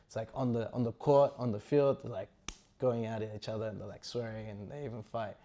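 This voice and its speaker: A man's voice: on the low side, steady tone, fairly quick, mellow. A man teaching a scripture class, retelling an epic story in a casual, rambling way full of fillers. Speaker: spiritual teacher.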